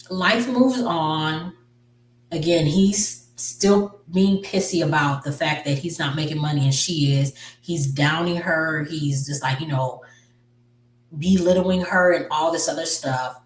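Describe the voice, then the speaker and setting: A woman casually retelling a movie's story, rambling with lots of fillers and self-corrections. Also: deep voice. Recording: roomy, distant mic.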